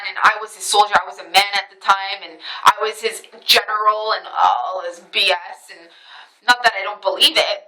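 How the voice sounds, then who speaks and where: A woman's voice: mid-range voice, low-quality recording. A woman vlogger telling a story in a casual monologue, emphatic and full of retold dialogue. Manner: emphatic, retells conversations with quoted dialogue.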